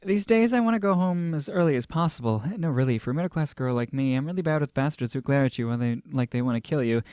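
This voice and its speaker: A man's voice: medium pitch, fast, a little mellow, clear, resonant tone, no echo, clean studio sound. A man casually reading a translated novel aloud, stumbling and restarting and breaking off for joking asides. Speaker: amateur novel reader.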